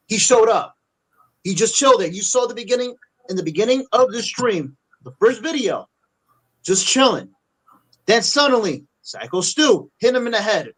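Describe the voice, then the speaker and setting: A man's voice: high voice, sing-song, moderate pace, a bit bright, low-quality recording. A middle-aged man on a wrestling podcast, ranting angrily and swearing freely. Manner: angry, profane ranting. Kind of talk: casual angry rant.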